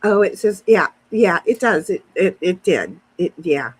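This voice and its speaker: A woman's voice: fairly low pitch, lively intonation, unhurried, breathy edge, rough recording. A woman chatting casually outdoors to viewers on a livestream, rambling as she answers comments from her chat on a phone. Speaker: livestream host. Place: outdoors in a backyard.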